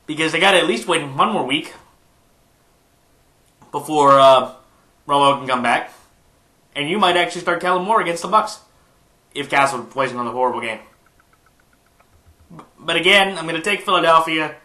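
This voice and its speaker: A man's voice: fairly high pitch, moderate pace, pauses often, bright, forceful tone, reverberant. A man with a stuffed-up nose giving his weekly football picks in a casual, rambling monologue full of fillers and restarts. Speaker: sports picks YouTuber. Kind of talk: casual sports prediction monologue.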